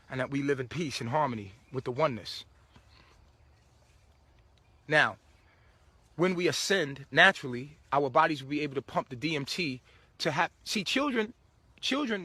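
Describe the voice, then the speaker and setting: Animated preachy man, bright voice. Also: fairly high pitch, breathy edge, no echo. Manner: preachy, laughing, swearing, animated storytelling. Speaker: spiritual vlogger. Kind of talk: casual spiritual monologue.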